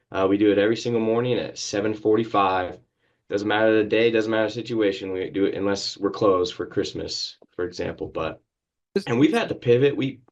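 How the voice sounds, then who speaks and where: Low-voiced business owner on a lo-fi call. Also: male voice. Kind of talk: casual interview talk.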